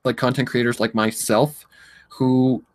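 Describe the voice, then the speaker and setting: A man hosting a relaxed livestream at a middle pitch, rambling through his thoughts and swearing freely. He reads viewer messages aloud and hums while he scrolls. The sound is dry and close, with no room echo. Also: a little slow. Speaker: livestream host. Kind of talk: casual livestream chat.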